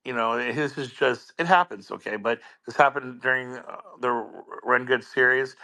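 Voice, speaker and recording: Bright-voiced, halting man. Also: medium pitch, creaky. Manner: halting, many restarts and repeated words. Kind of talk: casual chat.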